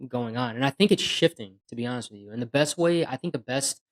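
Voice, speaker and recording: An American police officer, a guest on a podcast, tells a patrol story in a blunt, casual way. He's a fast talker with a medium-pitched voice, and he acts out other people's voices when he quotes what they said.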